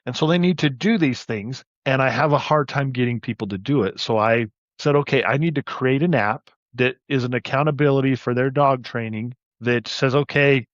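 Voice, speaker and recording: A man's voice: mid-range voice, normal speed, no echo. Man telling stories, dry dull audio. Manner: storytelling, animated anecdotes. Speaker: podcast guest, side hustle coach. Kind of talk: casual interview talk.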